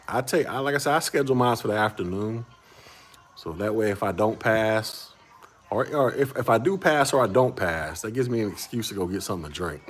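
A man in his forties hosting a casual livestream and chatting with viewers, rambling, repeating words and chuckling often. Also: fairly low pitch. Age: 40s. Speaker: livestream host reading chat.

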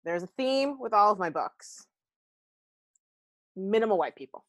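A woman's voice: medium pitch, animated, measured pace, no room sound. A woman podcast host in casual chat, candid and chatty, rambling through asides with lots of likes and ums. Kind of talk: casual book review chat.

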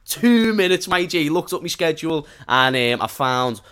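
Scouse male guest, cocky banter, smooth resonant tone. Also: on the high side, very animated, moderate pace, fairly bright tone. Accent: Liverpool Scouse. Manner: cocky banter, quotes fans in raised voice. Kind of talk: casual stream chat.

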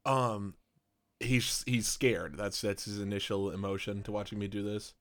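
A man's voice: on the low side, steady tone, normal speed, a bit bright. A man playing a character in a comedy tabletop game, joking casually with hesitant fillers. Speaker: player. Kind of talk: improvised role-play.

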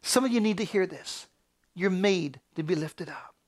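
A man preaching with fervent, repetitive cadence. His sermon swings between near-shouted declarations and soft, hushed whispers. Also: high-pitched, animated, moderate pace. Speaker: pastor.

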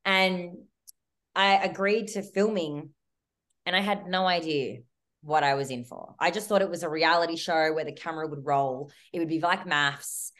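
A young Australian woman on a podcast tells a story in a rushed, animated way. She scatters "like" through every sentence and swears freely. Her voice sits a little low in pitch. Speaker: guest. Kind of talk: casual chat.

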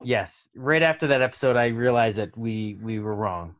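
A man's voice: medium pitch, lively intonation, moderate pace. A man co-hosting a podcast in casual chat, with a dry, teasing manner. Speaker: podcast co-host.

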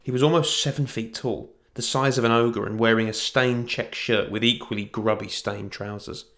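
A man narrating a fantasy story in an even storytelling manner. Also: mid-range voice, normal speed.

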